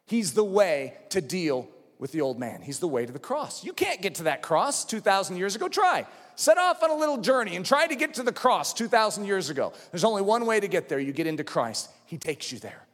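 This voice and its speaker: A high-voiced middle-aged male preacher delivers an impassioned sermon, his pitch leaping widely as he swings between hushed stretches and ringing shouts. His voice carries a long hall reverb, as if preaching in a large auditorium. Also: sing-song, fairly quick.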